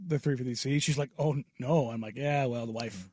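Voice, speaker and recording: A man's voice: medium pitch, fairly quick, a little mellow, no room sound. A man co-hosting a radio show, adding wry, dry asides in casual banter. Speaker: radio co-host.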